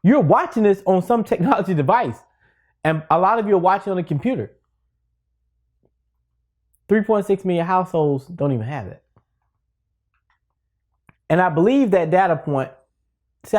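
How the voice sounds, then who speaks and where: Talking to fellow teachers in a relaxed video lesson, an education video host keeps things playful and chatty, full of side remarks. He has a fairly high, slightly mellow voice.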